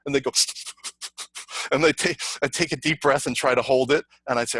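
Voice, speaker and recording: A middle-aged man presenting a sales training over a video call, energetic and conversational, repeating himself and telling stories. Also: mid-range voice, normal speed, long pauses, slightly rough, no echo, low-quality recording. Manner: energetic, repetitive, conversational teaching with anecdotes. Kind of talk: online webinar presentation.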